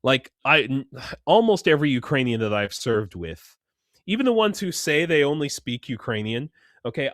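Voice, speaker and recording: A man in casual video-call chat, telling stories in a rambling, animated way with frequent restarts. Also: mid-range voice, no echo, studio quality. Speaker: guest, foreign soldier serving in Ukraine.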